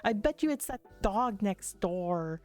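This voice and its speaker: A woman's voice: medium pitch, lively intonation, measured pace, a little mellow, soft background music, close to an everyday voice. A woman voicing a mother who scolds her young daughter. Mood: scolding.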